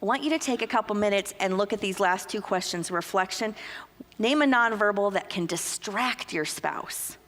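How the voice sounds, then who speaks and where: A woman speaking at a couples conference in a church hall, lively and acting out little quoted exchanges as she teaches. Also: medium pitch, normal speed. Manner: lively, uses acted-out quotes. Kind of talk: conference talk. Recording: long reverb of a large hall.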